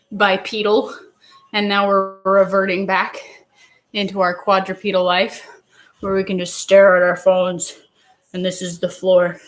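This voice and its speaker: A woman fitness instructor leading a livestream workout, counting reps aloud and giving playful, encouraging cues. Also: medium pitch. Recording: echoey room, voice far from mic. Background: faint workout music.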